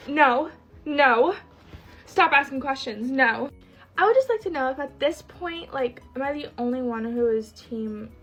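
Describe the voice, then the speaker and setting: Girl vlogging with a high bright voice, gushy and excitable, rambles a lot, bit of soft music behind. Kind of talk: casual reading vlog chat.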